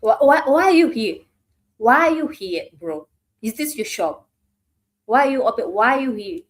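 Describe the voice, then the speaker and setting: A woman reacts to clips in casual commentary. She is sarcastic and exasperated and talks straight to her viewers. Her voice sits slightly high. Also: expressive, normal speed, crowd noise, background noise. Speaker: reaction video host.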